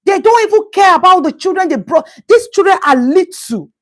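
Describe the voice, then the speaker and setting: A woman's voice: very high voice, a little fast. A woman hosting a casual live stream, commenting on a news story and greeting viewers by name. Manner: animated, greets viewers by name, Pidgin asides.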